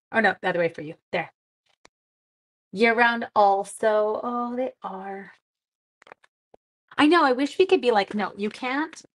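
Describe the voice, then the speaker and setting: Chatty woman demonstrating crafts. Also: mid-range voice. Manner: chatty, talks straight to viewers, silly sound effects. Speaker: card-making demonstrator. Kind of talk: casual live-stream craft demo.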